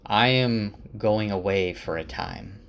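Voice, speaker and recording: A man voicing a young male leader who is weary and burdened, reading the lines quickly as part of a casual summary. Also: on the low side, creaky, fairly bright tone, slight background noise, exaggerated voice.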